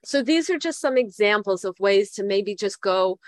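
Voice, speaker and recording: A woman's voice: medium pitch, expressive, normal speed, dry recording. Candid middle-aged woman, dry sound. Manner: candid, self-deprecating, thinks aloud with fillers. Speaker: twelve-step recovery speaker. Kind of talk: casual reflective talk.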